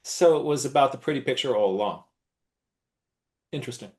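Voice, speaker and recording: A middle-aged man leading an online workshop, animated, acting out gushing praise in a high voice. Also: fast. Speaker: workshop presenter.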